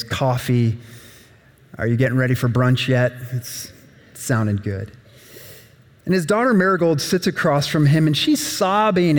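A male pastor giving a sermon, retelling a story conversationally with asides to listeners. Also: mid-range voice. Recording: reverberant hall.

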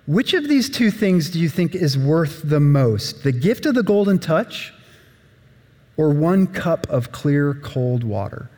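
A man's voice: fairly high pitch, big pitch swings, slow pace, a little mellow. A man voicing a mysterious stranger who asks wry, probing questions, heard in a reverberant hall.

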